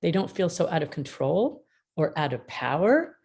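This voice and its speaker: A woman's voice: deep voice, very animated, normal speed, a little mellow, slightly rough. A woman mediator and author on a video call, giving an emphatic, humorous talk and acting out bits of dialogue. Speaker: mediator and author being interviewed. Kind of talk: lively teaching talk with anecdotes.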